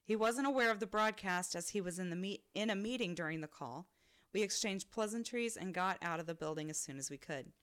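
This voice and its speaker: A woman's voice: mid-range voice, a little fast, a bit bright, smooth. A woman co-hosting a podcast, reading listener stories aloud and laughing often as she reads. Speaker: podcast co-host.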